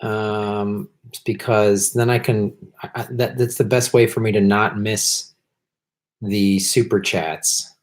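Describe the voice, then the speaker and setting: A man hosting a casual live stream, chatting with viewers, clearing his throat often and swearing in frustrated outbursts at the tech. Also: fairly low pitch, little pitch movement, slow pace. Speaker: political comedian and live stream host.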